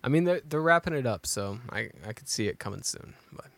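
A man's voice: medium pitch, lively intonation, fairly quick, fairly bright tone, dry recording. A man co-hosting a podcast, chatting casually and thinking aloud as he goes, with many restarts. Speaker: podcast co-host. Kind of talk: casual chat.

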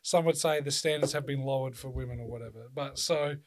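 A man's voice: medium pitch, brisk. A man chatting casually as a podcast co-host, rambling and swearing, acting out quotes in little voices. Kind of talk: casual chat.

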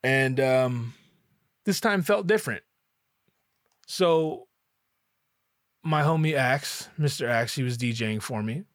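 A man's voice: mid-range voice, slow, long pauses, no room sound, clean studio sound. A man, a rapper, telling a personal story casually, candid and swearing freely.

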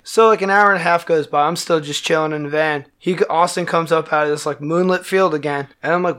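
A man, a band musician, telling a wild story in casual, profane talk, acting out the quotes loudly. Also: high voice, brisk, hardly any pauses.

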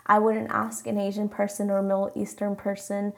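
Young woman, first language spanish, gravelly fry in her voice, blunt exasperated swearing rant, vlog style. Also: mid-range voice, flat delivery, moderate pace. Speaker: vlogger. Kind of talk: casual rant.

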